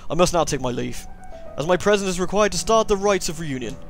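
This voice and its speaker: A man voicing a solemn old lord guiding a visitor, in a put-on Irish accent and a slow, stately delivery. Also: high voice, expressive, faint music behind, voice pushed up.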